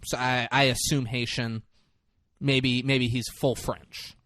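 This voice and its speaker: A man's voice: medium pitch, level tone, takes it slowly, a bit bright, no room sound, clean studio sound. A man co-hosting a comedy podcast, recapping a movie in a rambling, profane way and acting out the scenes. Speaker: podcast co-host.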